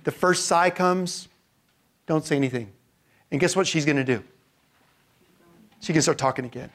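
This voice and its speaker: A man leads a parenting seminar in a loose, conversational way. He keeps asking the room questions and checking that they follow. His voice sits a little above the usual male pitch. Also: normal speed, fairly bright tone. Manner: conversational, often checks in with "okay?" and asks the audience questions. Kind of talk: live talk to an audience.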